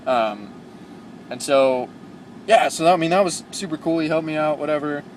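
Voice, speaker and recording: A man's voice: a little high, moderate pace, a little hiss or hum. Rambling young man telling road stories. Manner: rambling, filler-heavy, excitable. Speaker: new truck driver vlogging. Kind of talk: casual storytelling vlog.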